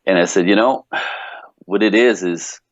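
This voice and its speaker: Male podcast guest, low voice, chatty restart-heavy storyteller, dull lo-fi sound. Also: moderate pace, no room sound. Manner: animated rambling storytelling with many restarts. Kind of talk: casual podcast conversation.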